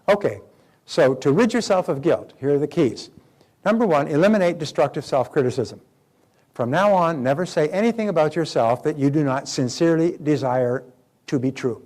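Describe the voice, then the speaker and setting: Man, motivational seminar speaker, animated, mid pitch, acts out quotes. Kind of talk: live seminar talk. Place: live seminar room.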